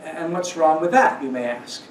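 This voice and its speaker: A man delivers a scripted lecture in a slightly high voice, pressing hard on key points and rushing through asides. The sound is roomy and echoing, caught by a mic some distance away with faint ambience underneath. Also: a little hiss or hum. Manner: emphatic, shifts between slow stresses and quick asides.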